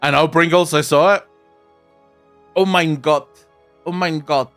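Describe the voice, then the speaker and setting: A man's voice: on the high side, fairly even intonation, a little slow, a bit bright, smooth, soft background music. A man from South Africa whose first language is Afrikaans, speaking English with an Afrikaans accent, chatting casually and profanely while answering viewers' comments on a live stream.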